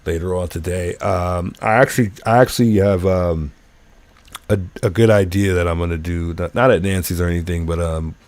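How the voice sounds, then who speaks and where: A man's voice: low-pitched, steady tone, moderate pace, a little mellow, no room sound. A man hosting a livestream, commenting casually and thinking aloud with lots of fillers. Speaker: livestream host. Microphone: phone.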